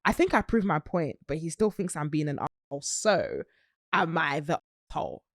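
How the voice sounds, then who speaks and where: A British woman hosting a casual podcast chat, animated and laughing often. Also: low-pitched, moderate pace, no room sound, clean studio sound. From Britain. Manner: giggly, animated, bursts of laughter. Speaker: podcast host.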